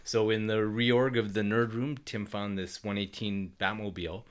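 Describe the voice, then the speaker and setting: Lower-voiced earnest man, casual chat. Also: level tone, moderate pace, clear, resonant tone. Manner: earnest, enthusiastic collector talk. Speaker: podcast co-host.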